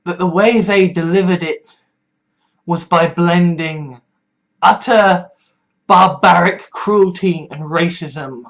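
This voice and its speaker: A speaker talks quietly into a vlog, stopping and restarting and repeating words. The voice sits mid-range and moves slowly, and at times it sinks almost to a whisper. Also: medium pitch, low-quality recording. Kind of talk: confessional vlog monologue.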